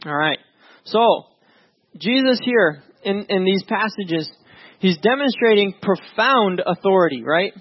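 A man's voice: high-pitched, animated, measured pace. A man preaching a sermon as pastor, reading scripture and talking to his congregation in a conversational way, often repeating words and asking "right?". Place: church before a congregation. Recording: dull lo-fi sound.

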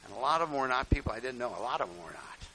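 An older male pastor giving a sermon, telling stories in a folksy way, dropping to quiet asides and then rising to loud exclamations. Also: lively intonation, very fast, low-quality recording. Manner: folksy storytelling preaching, swinging from low asides to loud exclamations. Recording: faint hiss.

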